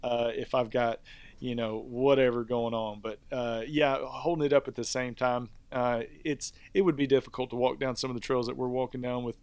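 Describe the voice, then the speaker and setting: A man's voice: medium pitch, fairly even intonation, normal speed, darkish tone, clean tone, no echo. A man co-hosting a review podcast, talking in an easygoing, rambling way with many fillers. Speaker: podcast co-host. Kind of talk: casual review chat.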